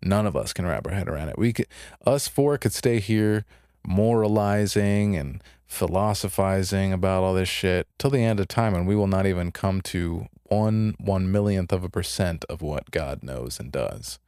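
A man's voice: low-pitched, moderate pace, a little mellow, clean tone, no echo, studio quality. A young man co-hosting a podcast, casually retelling a story and acting out the characters' lines in a laid-back way. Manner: laid-back, retells stories with put-on voices. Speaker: podcast co-host.

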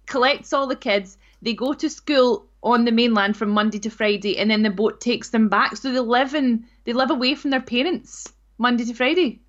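A woman's voice: fairly high pitch, moderate pace, hardly any pauses. Scottish woman chatting on a podcast, giggly and playful, kinda muffled lo-fi audio. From Scotland. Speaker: podcast co-host. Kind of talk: casual chat.

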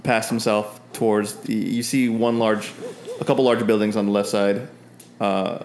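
A man's voice: fairly low pitch, level tone, moderate pace, a little mellow. A man narrating as game master of a tabletop game, rambling with frequent fillers.

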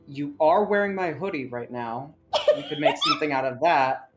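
A woman voicing a young man who bluffs his way through a fake argument, speaking quickly and offhandedly. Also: low voice, animated, over loud music. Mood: offhand.

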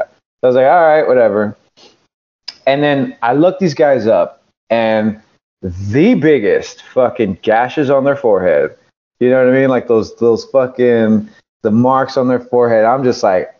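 A man from California tells a wrestling story in a casual, swearing, rambling way, slipping into the voices of the people he quotes. His pitch sits in the middle range. The recording sounds dull and lo-fi. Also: expressive, moderate pace. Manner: profane, rambling, acts out quotes. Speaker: podcast guest, pro wrestler.

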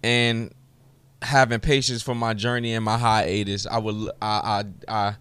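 A man's voice: lowish voice, flat delivery, unhurried, fairly bright tone, clean tone, no echo. A young man hosting his own podcast alone, ranting in a profane, heated, swaggering way. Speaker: podcast host. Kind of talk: solo podcast rant.

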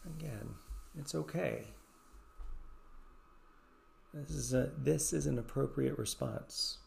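A man who teaches yoga and meditation, leading a guided meditation in a soft-spoken, slow and gentle way with long pauses. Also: medium pitch, creaky, slight background noise.

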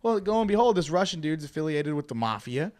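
A man hosting a podcast in a studio, telling stories in an animated, casual way and laughing often. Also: a little high, fast talker. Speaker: podcast host. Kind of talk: casual chat.

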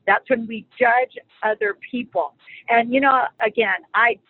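A middle-aged woman speaking as a guest on marriage and faith, teaching in a conversational, animated and humorous way. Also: a little high, measured pace, no echo. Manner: animated and humorous, acts out quoted lines. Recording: phone-like dry audio.

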